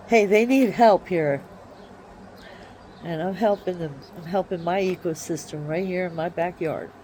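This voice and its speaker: A woman vlogging casually from her backyard on her phone, talking in an excitable, drawling way with sudden swings of emphasis. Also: fairly low pitch, unhurried, slight background noise. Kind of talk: rambling casual monologue. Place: backyard by a wooded area, outdoors.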